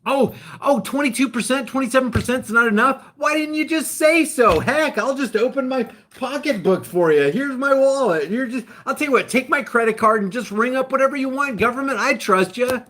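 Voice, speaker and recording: A man's voice: very high voice, lively intonation, brisk, few pauses, a bit bright, voice pushed up, heavily acted. A man voicing a meek adult citizen who eagerly hands over everything, in a sarcastic, mocking tone.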